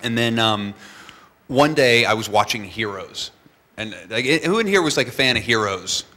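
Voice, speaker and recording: A man on stage before a live audience, telling stories in an animated way, acting out voices and laughing often. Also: mid-range voice, moderate pace. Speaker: filmmaker guest.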